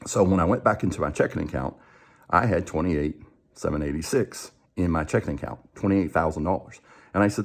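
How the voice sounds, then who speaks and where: A man's voice: sits low, a little fast. A man who coaches and hosts a show tells a personal story in a conversational way, acting out the dialogue and often restarting his sentences.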